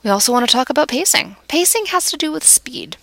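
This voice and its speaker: A woman's voice: high-pitched, big pitch swings, vocal fry, fairly bright tone, dry recording. A woman teaching vocal delivery in a lecture, conversational, asking rhetorical questions and dropping into whispers to stress points. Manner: demonstrative, varies volume and pace deliberately, drops to whispers for emphasis. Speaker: speech instructor.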